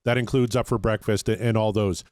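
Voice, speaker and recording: A man's voice: on the low side, steady tone, fairly quick, darkish tone, dry recording, studio quality. A man hosting a casual music podcast, talking in an easygoing, conversational way and steering the discussion. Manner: easygoing, conversational, leads the talk. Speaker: podcast host. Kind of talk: casual chat about music.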